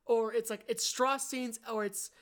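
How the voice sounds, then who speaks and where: A woman's voice: a little high, steady tone, a little slow. A woman co-hosting a casual film review podcast. She is thoughtful and candid, often stopping to rephrase a point before going on. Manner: thoughtful, self-correcting, candid. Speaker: podcast co-host.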